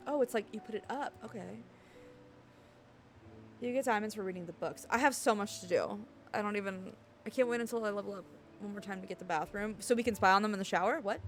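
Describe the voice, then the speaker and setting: A woman streaming a game live, chatting casually with her viewers in a playful, excitable way. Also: mid-range voice, quick pace, faint music behind. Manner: playful, excitable, jokes with chat. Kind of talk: casual live-stream chat while gaming.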